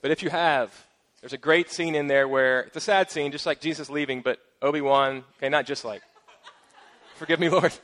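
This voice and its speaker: A middle-aged man preaching a sermon as pastor, casual and playful with joking asides and lively emphasis. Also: fairly high pitch, moderate pace.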